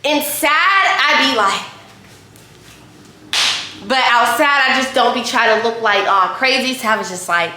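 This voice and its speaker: A woman's voice: fairly high pitch, measured pace. Chatty young woman in an echoey kitchen. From Pittsburgh. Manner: chatty, animated, talks to viewers as "y'all". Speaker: vlogger and hairstylist. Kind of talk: casual storytelling vlog while cooking. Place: home kitchen.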